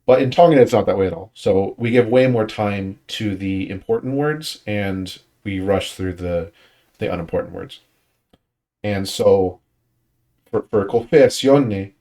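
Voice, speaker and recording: A man's voice: on the low side, mellow. A man leading a language study group, explaining pronunciation casually and often restarting his sentences while he thinks. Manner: thinking aloud with frequent restarts and fillers.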